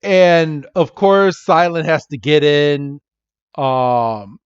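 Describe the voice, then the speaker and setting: A man's voice: fairly high pitch, clear, resonant tone, no room sound, dull audio. A man co-hosting a podcast, recapping a cartoon episode in casual chat and briefly mimicking the characters as he goes. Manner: animated retelling with quick impressions of characters. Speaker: podcast co-host.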